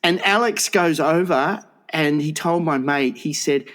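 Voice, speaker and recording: Guy rambling thru a crude story, swears a lot, a bit higher voice. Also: measured pace, few pauses, a bit bright. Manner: rambling, sweary, laughs while telling. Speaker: podcast co-host. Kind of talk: casual storytelling.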